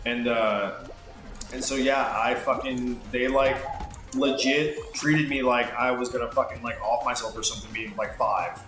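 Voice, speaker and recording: A man's voice: mid-range voice, steady tone, a little slow, a bit bright, echoey room, faint music behind. Rambling, foul-mouthed man telling stories. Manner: rambling, heavily profane, filler-laden. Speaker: streamer. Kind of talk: casual storytelling while gaming.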